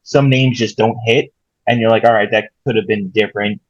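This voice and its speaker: A man's voice: lowish voice, steady tone, brisk, no room sound. A man co-hosting a podcast in casual chat, talking things through in a thoughtful, rambling way. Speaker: podcast co-host. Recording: slightly dull lo-fi mic.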